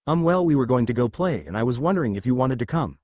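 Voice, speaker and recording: A man's voice: medium pitch, expressive, fast talker, darkish tone, no room sound, lightly acted. A man voicing a friendly, bold young boy classmate in a fan fiction reading.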